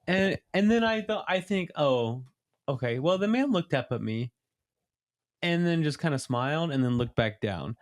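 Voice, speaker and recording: Young male podcast host, chatty and lively, laughs through his stories. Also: a little high, normal speed. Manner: animated storytelling, laughs often. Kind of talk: casual chat.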